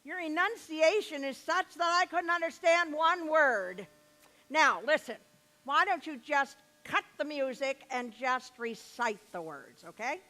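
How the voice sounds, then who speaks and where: A woman's voice: high-pitched, expressive, unhurried, sharp tone. An older woman performing a comic monologue as a singing teacher, with grand, haughty diction that slips into brash street talk.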